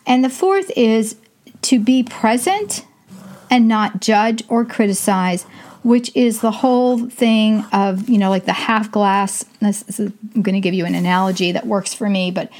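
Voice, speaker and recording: An older woman hosting a casual advice talk, chatty and full of fillers, often speaking in quick bursts. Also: mid-range voice, darkish tone. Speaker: host.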